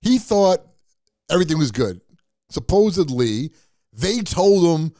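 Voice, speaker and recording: A man hosting his own show delivers a blunt, profane rant, scoffing as he goes. His voice sits a little high and swings widely up and down. The sound is close and dry, with no room around it. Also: very animated, takes it slowly, darkish tone, no echo. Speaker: show host. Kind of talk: ranting commentary monologue.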